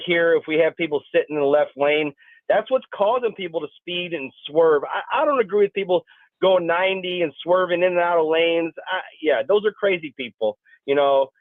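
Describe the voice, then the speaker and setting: A man calling in to a radio show, talking haltingly and repeating words as he makes his point. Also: a little high, no echo. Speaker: caller. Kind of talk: call-in opinion. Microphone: telephone. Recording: tinny phone line.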